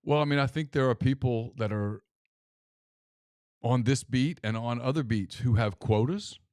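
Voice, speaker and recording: A man's voice: mid-range voice, normal speed, darkish tone, dry recording, clean studio sound. A man co-hosting a casual sports talk show, wry and self-deprecating, often stumbling and repeating words. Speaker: podcast co-host.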